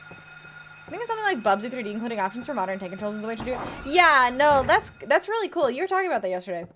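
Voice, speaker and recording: A young woman streaming a horror game, chatting casually with viewers, greeting them and reading chat, with sudden excited outbursts between quiet mutters. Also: on the high side, rapid-fire, a little hiss or hum.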